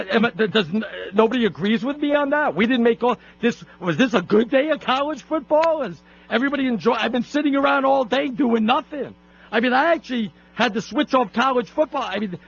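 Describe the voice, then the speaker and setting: A man hosting a sports radio talk show, ranting in an exasperated, rapid-fire way. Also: very high-pitched, vocal fry, breathy edge. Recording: lo-fi radio broadcast.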